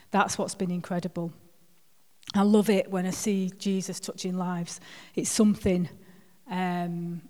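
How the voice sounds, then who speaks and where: A woman's voice: mid-range voice, a little mellow. A woman, a guest speaker telling personal stories in a church sermon, chatty and self-deprecating with plenty of filler words. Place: church hall. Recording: long hall reverb.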